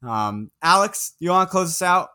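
A young man co-hosts a casual sports podcast, rambling through roster talk with plenty of ums and quick chuckles. His voice is bright and forward, and his tone is clean and smooth. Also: high-pitched, very animated. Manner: rambling, filler-heavy, chuckling. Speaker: podcast co-host.

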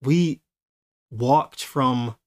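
A man hosting a podcast, telling a story in a casual, animated way. He laughs often and acts out the voices of the people he quotes. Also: mid-range voice, drawn-out words. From Los Angeles. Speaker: podcast host.

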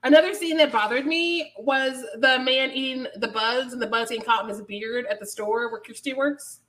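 A woman's voice: a little high, moderate pace, fairly bright tone. A woman co-hosting a podcast, chatting casually about a movie, laughing often and acting out the characters. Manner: laughs often, acts out characters in mock voices. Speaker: podcast co-host. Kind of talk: casual movie review chat.

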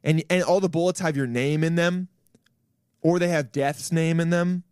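A young man giving a crude, animated comedic rant at home, acting out other people's voices. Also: on the high side, normal speed, clean tone, dry recording, clean studio sound. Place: home, roommate in next room.

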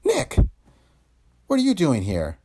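A man voicing a nervous young actress, breathy and stammering, in an audiobook of a detective story. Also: on the high side, wildly swooping pitch, slow, dark tone, voice pushed up, exaggerated voice. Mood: startled. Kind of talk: audiobook character voice.

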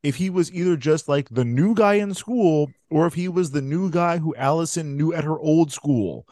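A man co-hosting a podcast, recapping a movie in animated, profane casual chat. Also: fairly high pitch, moderate pace, no echo, clean studio sound. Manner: animated, swearing, laughs often. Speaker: podcast co-host.

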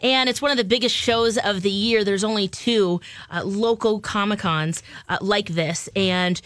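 A woman's voice: mid-range voice, steady tone, unhurried, a bit bright, no room sound. Chatty woman co-host on morning radio, dry close mic. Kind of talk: casual radio banter. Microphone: studio microphone.

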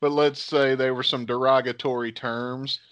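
A man's voice: mid-range voice, little pitch movement, normal speed, fairly bright tone. A man hosting a podcast, telling a profane, laughing story casually. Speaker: podcast host.

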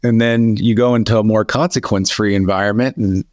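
A man's voice: fairly low pitch, fairly even intonation, fairly quick, a little mellow, no room sound. A man co-hosting a podcast in casual chat, making wry, joking remarks. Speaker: podcast co-host.

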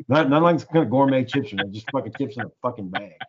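Talking fast in a mid-range voice, a man tells a story in casual chat, swearing a lot and animatedly acting out the voices of the people involved. The background is noisy and the recording sounds dull and lo-fi.

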